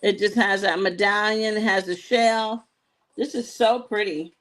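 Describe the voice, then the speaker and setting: A woman's voice: mid-range voice, fairly even intonation, measured pace, fairly bright tone, rough recording. A woman hosting a live jewelry-selling show, chatting casually and telling sassy stories between items, with asides to her viewers. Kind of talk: casual live-stream chat.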